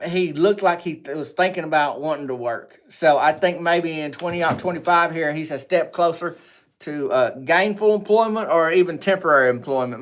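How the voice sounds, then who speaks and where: A man hosting a casual livestream, rambling and joking with viewers, swinging between loud greetings and low asides. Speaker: livestream host. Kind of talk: casual live chat with viewers.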